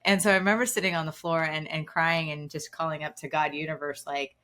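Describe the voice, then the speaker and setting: A woman in her forties, a podcast guest, telling a personal story with lively, acted-out quotes and frequent fillers. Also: low-pitched, brisk, few pauses. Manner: animated storyteller, acts out quoted voices, fillers like "like" and "right". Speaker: guest, keynote speaker.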